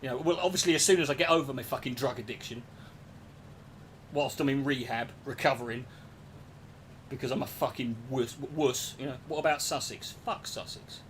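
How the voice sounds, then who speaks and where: A man's voice: mid-range voice, a little fast, a bit bright, slight background noise. A man, ranting casually to his chat, sweary and sarcastic. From England. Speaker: streamer answering chat. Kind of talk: casual profane rant.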